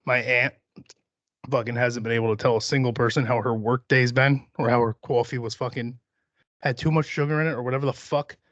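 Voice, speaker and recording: A man's voice: mid-range voice, fairly even intonation, fairly quick, fairly bright tone, dry recording, lo-fi sound. A young man hosting a solo podcast, rambling and joking with plenty of profanity. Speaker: podcast host.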